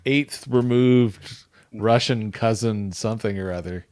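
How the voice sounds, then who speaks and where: A man's voice: on the low side, a little slow, darkish tone, no room sound. A man co-hosting a casual chat, joking and laughing often. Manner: playful, laughs often, trolling. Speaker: co-host.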